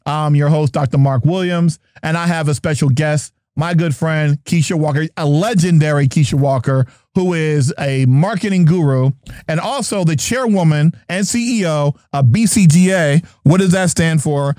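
A man's voice: on the high side, moderate pace, a little mellow, no echo, clean studio sound. A middle-aged man from New Jersey hosting his podcast in a playful, jokey, hype manner. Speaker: podcast host. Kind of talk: lively podcast chat.

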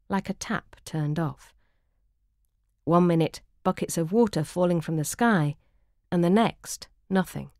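A woman narrates her own travel memoir in an audiobook reading. Her voice sits very low and she keeps a dry, wry, measured delivery. The sound is close and dry with no room around it. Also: mellow, dry recording.

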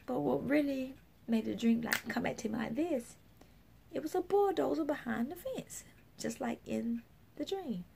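A woman's voice: sits high, normal speed, gravelly, noisy background. A woman minister telling a personal story in a casual, rambling way, full of fillers and restarts, often acting out what others said. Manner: acts out other people's remarks. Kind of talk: casual spoken testimony.

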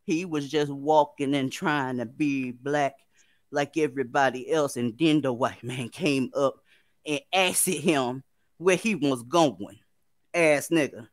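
A woman's voice: very deep voice, slow pace, dry recording. A woman hosting a livestream, talking bluntly and sardonically to her viewers. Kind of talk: livestream commentary.

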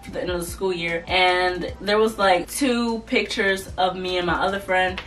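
A young woman casually telling a storytime vlog, animated and loose, slipping into mocking voices. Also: fairly low pitch, moderate pace. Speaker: vlogger. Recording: voice a bit far from the mic, soft music behind.

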